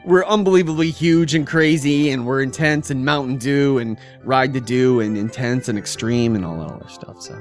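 A man, a young adult, chatting casually as co-host of a gaming podcast, animated and laughing as he acts out quotes. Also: mid-range voice, moderate pace, few pauses, faint music behind. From United States. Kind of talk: casual chat.

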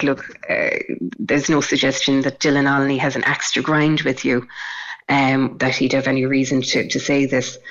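A woman reporting live from a court case, her delivery level and even with a gravelly edge. She recounts events steadily and pauses on ums. The sound is dull and lo-fi. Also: rumbling low.

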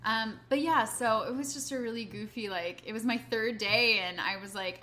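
A young woman in casual conversation, animated and explanatory, acting out quotes with a raised voice. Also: a little high, a little fast, hardly any pauses. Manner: animated, explains things, acts out quotes loudly. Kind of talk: casual chat.

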